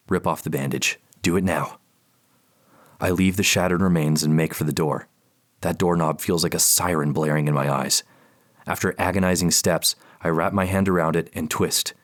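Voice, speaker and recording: A man narrating a first-person audiobook in a tense, panicked inner voice. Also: low voice.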